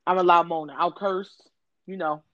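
A woman's voice: lowish voice, steady tone, normal speed. A woman in her thirties co-hosting a casual podcast chat, blunt and teasing, swearing freely. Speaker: podcast co-host. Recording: dry, dull lo-fi sound.

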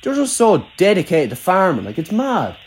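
This young man from Ireland has a high, husky voice that leaps around enormously in pitch, moving at a moderate pace. His rural Irish accent carries a casual, rambling chat full of swearing and endless "like".

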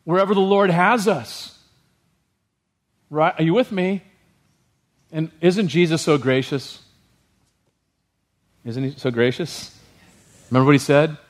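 Male pastor, slightly high voice, lively sermon, chatty with the congregation. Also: a little slow, long pauses. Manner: lively, humorous, keeps checking in with the congregation.

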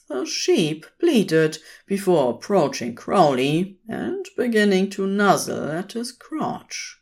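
A woman reading fan fiction aloud as a podfic, with expressive storytelling. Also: medium pitch, slow, creaky, few pauses. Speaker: podfic reader.

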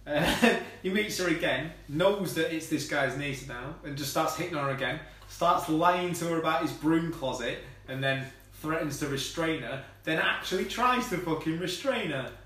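A man's voice: fairly high pitch, moderate pace, few pauses, pushed and bright. A man hosts a casual movie chat, swearing, laughing and ranting. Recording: roomy, far from the mic.

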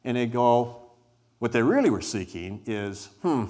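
A man's voice: mid-range voice, big pitch swings, moderate pace, warm tone. A man giving a conversational, inviting sermon to a congregation as a guest preacher. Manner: conversational, inviting, acts out scripture scenes. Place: church hall before a live congregation.

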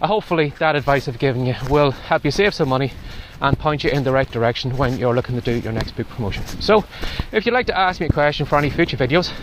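A man's voice: mid-range voice, expressive, fast, few pauses. A man hosting a casual walking vlog outdoors in the wind, slightly out of breath as he gives chatty advice. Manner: chatty, advisory. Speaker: podcast host. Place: outdoors in strong wind and rain.

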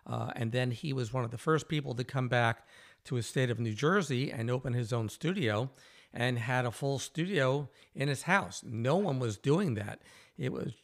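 Animated man telling a studio story. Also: medium pitch, moderate pace. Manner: animated storyteller, acts out quoted dialogue, laughs often. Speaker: host. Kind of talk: casual interview storytelling.

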